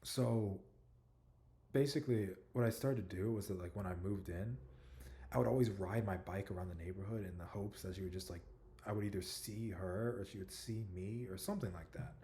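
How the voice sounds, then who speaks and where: A young man talks to camera about his own past in a loose, halting ramble, leaning on "like" and "you know" as he hunts for words. His voice sits a bit low and sounds mellow and soft, with a self-conscious, soft-spoken delivery. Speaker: vlogger telling his life story. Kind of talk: casual personal storytelling to camera.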